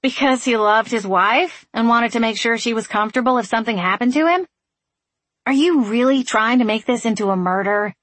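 A woman voicing a determined, outspoken small-town young woman who argues in a forceful, insistent way. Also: on the high side, fairly quick, no echo, pitched above the performer's own voice. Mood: indignant.

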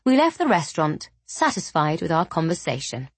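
Husky woman reading an audiobook. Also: sits low, big pitch swings, normal speed, dry recording. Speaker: audiobook narrator. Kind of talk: first-person audiobook narration.

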